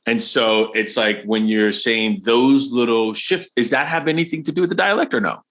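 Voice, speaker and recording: A man from Florida hosting a podcast interview, chatty and animated. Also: mid-range voice, normal speed. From Florida, USA. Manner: animated, chatty, laughs often. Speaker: podcast host.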